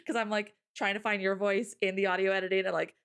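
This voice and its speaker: A woman hosting a live stream, chatting casually, loud and laughing often. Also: mid-range voice, flat delivery, fast, clean tone. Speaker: streamer host.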